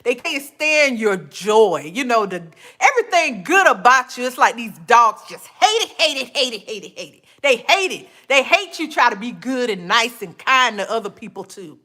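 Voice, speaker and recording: A woman hosting a podcast, speaking in a casual faith-based monologue, animated and quick to laugh, calling listeners honey and child. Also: fairly high pitch. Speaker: podcast host.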